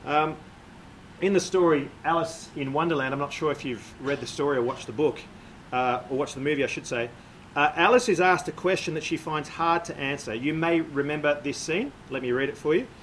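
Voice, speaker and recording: A man preaching a sermon in a measured, explanatory way, with frequent "uh" and "um" fillers. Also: a little high, a bit bright, a little hiss or hum, rough recording.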